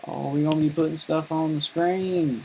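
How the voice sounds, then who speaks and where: A man's voice: a little high, vocal fry, dark tone, a little hiss or hum, low-quality recording. A man chatting casually while coding on a live stream, rambling and self-deprecating. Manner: rambling and self-deprecating, lots of fillers and laughs. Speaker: programmer streaming his coding.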